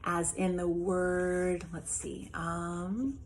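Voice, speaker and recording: A woman teaching young children remotely, with a fairly low voice. She patiently sounds out each letter sound and checks in with the class. A faint hum sits in the background of her home recording. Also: little pitch movement, drawn-out words. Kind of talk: remote phonics and writing lesson.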